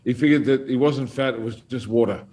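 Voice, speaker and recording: A man's voice: medium pitch, a little fast. A middle-aged man telling an old story at a casual round table, swearing freely and laughing as he goes. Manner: animated, profane, laughs through his stories. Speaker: guest storyteller.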